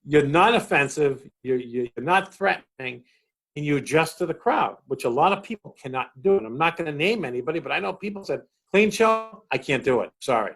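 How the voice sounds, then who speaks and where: A middle-aged man with a Boston accent talks in a slightly high, animated voice, jumping up and down in pitch as he acts out other people's lines. He tells comedy stories in a casual, chatty way. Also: a little fast, gravelly. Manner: animated storyteller acting out quotes. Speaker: comedian guest. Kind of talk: casual chat, storytelling.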